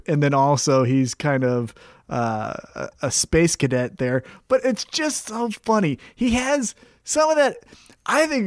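Man, podcast co-host, high voice, excitable, swears a lot, rambling, dry close sound. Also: dry recording. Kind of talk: casual wrestling chat.

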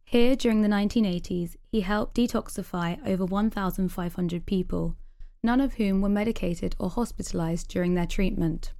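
A woman hosting a podcast, reading a measured, formal introduction and asking her first question. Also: medium pitch, warm tone. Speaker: podcast host.

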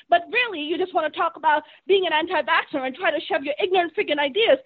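A female guest comedian, an immigrant to the US born in a third-world country, argues heatedly with a host, angrily shouting and swearing over him. Her voice is very high, animated and fast with hardly any pauses. The recording is a dry, tinny phone line with no room sound.

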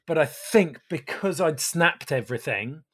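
A man calmly telling a casual story in a matter-of-fact way, often dropping into quiet asides. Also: a little high, unhurried, slightly rough.

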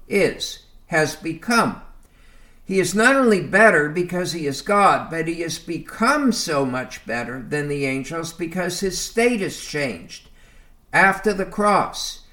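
A man teaching a Bible lesson, reading verses aloud and explaining them deliberately, often calling his listeners folks. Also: high voice, sharp tone. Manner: slow, deliberate, reads scripture aloud and explains it.

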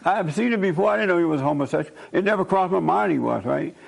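A man's voice: high voice, lively intonation, quick pace, vocal fry, poor audio. A man who works as a counselor, telling stories in a casual, emphatic way and acting out both sides of conversations. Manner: emphatic, repetitive, quotes himself and others in dialogue. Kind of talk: informal storytelling talk.

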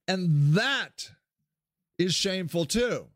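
Taking his time, a man from Akron, Ohio hosts a podcast by himself, speaking candidly, bluntly and with free swearing while his pitch moves in animated swings. The sound is studio quality, with no room sound.

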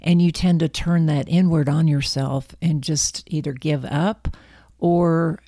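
Slow, low-voiced woman wealth coach. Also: fairly even intonation, mellow, dry recording, clean studio sound. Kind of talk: scripted talk to camera.

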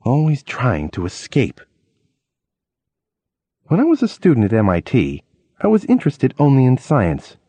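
A man narrating a memoir audiobook in a lively storytelling way, acting out quoted lines. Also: medium pitch, measured pace, long pauses, no room sound. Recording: dull lo-fi audiobook recording.

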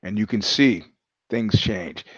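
Taking it slowly in a lowish, husky voice, a man hosts a podcast monologue full of acted-out voices, free swearing and restarted sentences. The audio is dull, with no echo.

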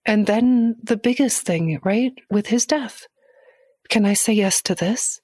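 A woman's voice: mid-range voice, slow pace, darkish tone, no room sound, clean studio sound. A middle-aged woman speaking candidly and earnestly as a podcast guest, laughing easily as she reflects. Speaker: guest poet.

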